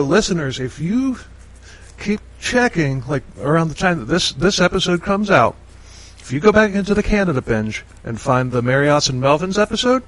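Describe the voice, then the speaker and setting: A podcast host with a slightly high, fairly bright voice chats casually, rambling and halting with many restarts and frequent laughter. The recording quality is low.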